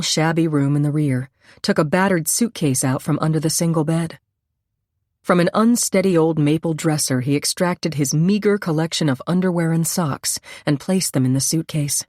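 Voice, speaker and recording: A woman reads a suspense audiobook in a measured, steady way. Her voice sits low, and the recording is dry and close with no room sound. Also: no echo. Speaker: audiobook narrator. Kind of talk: scripted narration.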